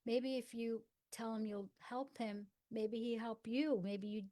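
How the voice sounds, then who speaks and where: A middle-aged woman telling a personal story in conversation, acting out the dialogue and dropping to a hush for quoted lines. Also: fairly high pitch, fairly even intonation, a little slow. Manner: earnest storyteller acting out dialogue in hushed tones. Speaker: guest.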